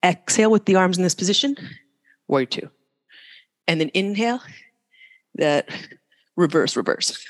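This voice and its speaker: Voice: mid-range voice, animated, moderate pace, pauses often, in a large hall. A yoga teacher cues poses and breathing during a live class, with casual, joking asides between the cues.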